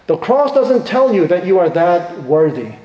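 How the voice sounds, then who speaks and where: Emphatic pastor in a reverberant hall. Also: male voice, high voice, sing-song, moderate pace. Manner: emphatic, swings from hushed to rising. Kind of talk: sermon. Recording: echoey hall with long reverb.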